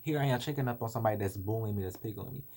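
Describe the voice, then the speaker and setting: A man's voice: on the low side, very fast, warm tone. A young man telling a painful personal story to camera in an emotional, rambling and apologetic way. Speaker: vlogger.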